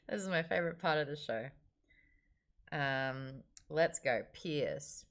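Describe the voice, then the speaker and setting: A book club host with a lower-pitched voice that swings wide with excitement. She talks in a loose, casual way, swearing freely and laughing often. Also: slow pace, long pauses. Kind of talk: casual chat.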